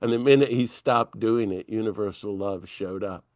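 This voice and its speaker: A man's voice: fairly low pitch, moderate pace, no echo. A man, a priest, telling a story as an interview guest and acting out the dialogue with energy. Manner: animated storyteller who acts out dialogue. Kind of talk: conversational storytelling.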